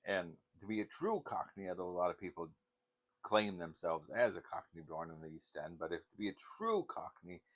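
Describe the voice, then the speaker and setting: Low-pitched but very animated, the older man running this channel talks at a brisk pace. His storytelling is loose and meandering, punctuated by frequent restarts and bursts of laughter.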